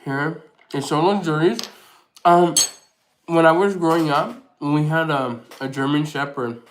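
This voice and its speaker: A man vlogging casually to camera, rambling with many restarts and fillers, softly sentimental in tone. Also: on the high side, a little slow, poor audio.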